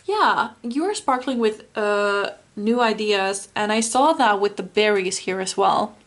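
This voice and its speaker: A woman giving a spoken tarot reading, soft and earnest, with many fillers. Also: mid-range voice, lively intonation, measured pace. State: tearful, emotional. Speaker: tarot reader.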